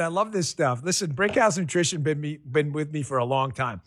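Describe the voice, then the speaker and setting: A male radio host with a fairly high voice reads a sponsor endorsement with chatty, emphatic energy. The sound is dry and close. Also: fairly quick, a bit bright, dry recording.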